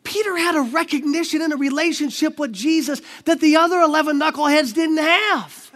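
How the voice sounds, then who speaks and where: Energetic youth preacher, high bright voice, shouts often, slangy. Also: male voice, a little fast. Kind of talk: sermon.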